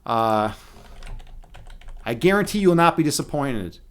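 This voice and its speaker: A man in his thirties hosting a live stream, chatting casually with his viewers, rambling through profane, animated stories and laughing at his own jokes. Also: medium pitch, unhurried. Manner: many restarts and fillers, animated storytelling.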